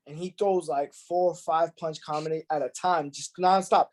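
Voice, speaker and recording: Animated high-voiced man, podcast host. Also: normal speed. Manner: animated, profane storyteller who acts out quotes. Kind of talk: casual podcast chat.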